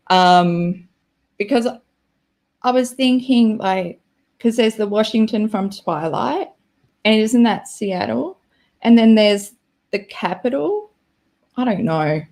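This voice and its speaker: A woman's voice: on the high side, expressive, slow, pauses often, a little mellow. A young Australian woman hosting a casual livestream, chatty and self-deprecating as she reacts to her chat. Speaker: livestream host.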